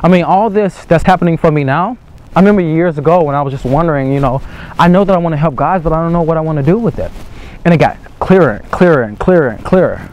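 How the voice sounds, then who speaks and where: A man's voice: on the high side, fast talker, darkish tone, muffled recording. Earnest young man giving a pep talk. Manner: earnest, repetitive, swears casually. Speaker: dating coach. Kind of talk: motivational monologue.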